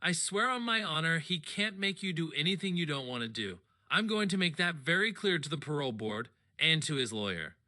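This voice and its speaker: A kind middle-aged school principal speaks in a soothing, reassuring tone, as a man reading the story puts her on. Her voice sits high and moves a lot. Bright and sharp, like a storybook reading. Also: expressive, a little fast, hardly any pauses, no room sound, clean studio sound.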